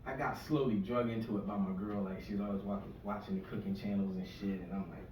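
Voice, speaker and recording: Fast-talking and steady in tone, this lowish male voice comes through a muffled recording. The comedian, in his 40s and from the US East Coast shore, rambles through a profane, conversational rant, miked at a distance in an echoey room with faint noise.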